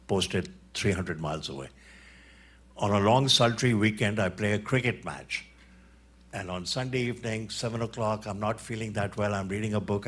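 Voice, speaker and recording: Older man from India, husky, lively conference storyteller who acts out voices. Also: medium pitch. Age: 70s. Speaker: conference speaker. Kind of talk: storytelling talk. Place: conference hall.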